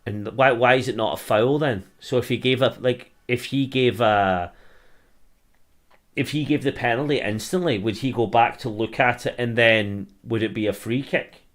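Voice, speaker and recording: A Scottish man gives loose, chatty live commentary over a football match. He flips between quick play-by-play and annoyed grumbles about the referee, in a plain mid-pitched voice. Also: fairly bright tone. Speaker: watch-along streamer.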